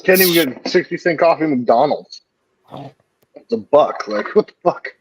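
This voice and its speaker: A man's voice: fairly high pitch, lively intonation, moderate pace, slightly rough, rough recording. A man in casual pub-style chat, joking around, laughing often and swearing. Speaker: co-host.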